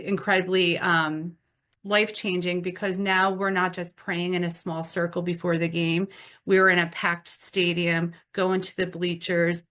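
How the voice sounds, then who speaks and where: A woman's voice: lowish voice, a bit bright. A woman in her forties giving an earnest, emotional testimony talk as a conference speaker, stumbling and restarting as she tells her story. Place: conference stage.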